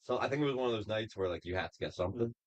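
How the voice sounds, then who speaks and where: A man's voice: on the low side, lively intonation, rapid-fire, no echo, lo-fi sound. A man co-hosting a casual sports talk show in a studio, joking and a bit scattered. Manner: jokey, laughing, a bit scattered. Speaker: podcast co-host.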